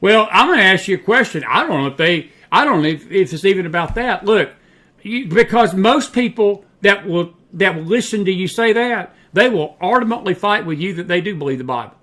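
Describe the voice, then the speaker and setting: Emphatic male talk show host, high-pitched, drives points home with repetition. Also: animated, fairly quick, pushed and bright. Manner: emphatic, repeats words for effect. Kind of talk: casual talk show discussion.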